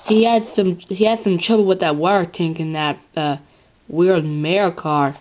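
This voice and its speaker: A woman's voice: fairly low pitch, fairly even intonation, a little slow, dull audio, slight background noise, natural voice. A woman voicing a hesitant friendly engine. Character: friendly male narrow-gauge engine.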